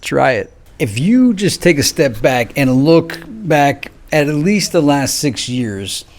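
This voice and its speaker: Man, slightly raised pitch, solo commentary, rhetorical questions, rambling delivery. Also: big pitch swings. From United States. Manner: rhetorical questions with drawn-out "hmm" pauses. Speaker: video commentator. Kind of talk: solo political commentary monologue.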